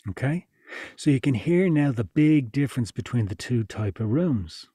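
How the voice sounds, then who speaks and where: A man's voice: mid-range voice, lively intonation, normal speed, warm tone, husky, dry recording, clean studio sound. A man giving a chatty, informal workshop lesson, laughing now and then as he explains. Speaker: podcast production instructor. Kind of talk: casual workshop teaching.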